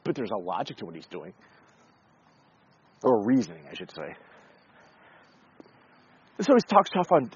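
A man's voice: medium pitch, very animated, normal speed, pauses often, highs cut off, slight background noise. A man giving blunt, profane, casual commentary, talking in a conversational way with frequent restarts.

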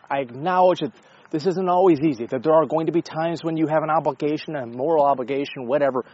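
A man's voice: on the high side, darkish tone, husky, highs cut off. A man talking casually in a rambling, sarcastic way, with frequent swearing and self-interruptions. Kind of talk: casual opinion monologue.

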